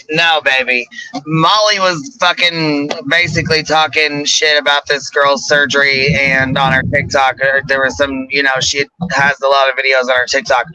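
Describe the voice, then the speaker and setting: A man's voice: medium pitch, level tone, a little slow, sharp tone, no room sound, rough recording. A man joining a livestream panel as a guest, gossiping loosely and swearing freely in casual chat.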